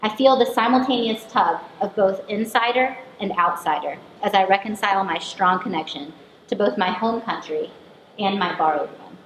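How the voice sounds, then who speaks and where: A woman from the United States, performing an autobiographical piece in measured, introspective narration. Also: mid-range voice. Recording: echoey room recording, faint hiss.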